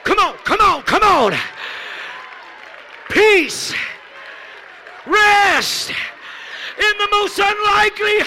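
Shouting preacher man. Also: drawn-out words, long pauses, a faint crowd. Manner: swings from shouted exhortation to low hushed storytelling; repeats phrases and speaks in tongues. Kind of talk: Pentecostal sermon. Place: church service.

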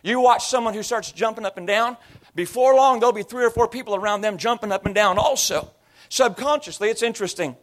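Male pastor, 30s-40s, high-pitched voice; conversational sermon full of anecdotes and mimicry. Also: fairly quick, fairly bright tone. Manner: storytelling, slipping into imitated voices and accents.

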